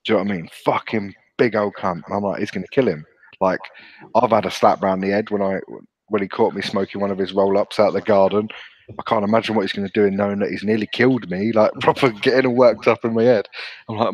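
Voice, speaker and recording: A man's voice: mid-range voice, fairly quick, dry recording, rough recording. A British man, a podcast co-host, telling a sweary story in casual chat and laughing often. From England.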